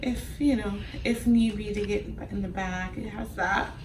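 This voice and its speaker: A young woman vlogging from a hospital delivery room, talking softly and casually with many fillers while she films on a phone. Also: mid-range voice, fairly even intonation, normal speed. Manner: chatty, gentle, soft-spoken, with fillers. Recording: echoey room, faint background noise.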